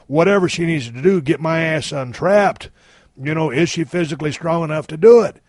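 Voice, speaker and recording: A man in his fifties hosting a podcast, telling a story in a blunt, heavily profane, animated way. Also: mid-range voice, no room sound. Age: 50s. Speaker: podcast host.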